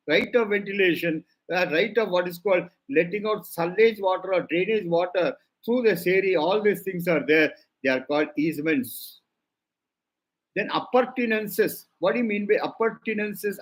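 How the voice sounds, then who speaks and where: A man's voice: sits high, low-quality recording. An older man with an Indian English accent, lecturing on legal drafting and dictating clauses while stressing key words for his students. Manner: emphatic, repeats key words for students to note. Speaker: law lecturer.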